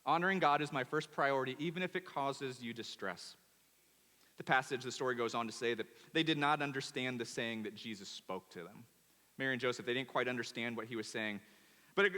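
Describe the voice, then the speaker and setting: A male pastor preaching a sermon in a church, animated and emphatic, often repeating words. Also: medium pitch. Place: church auditorium. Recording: long church hall reverb.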